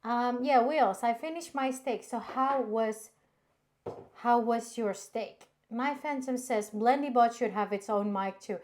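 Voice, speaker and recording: A woman's voice: a little high, unhurried, a little mellow. A woman co-hosting a live cooking stream, chatting casually, giggling and reading viewer comments aloud.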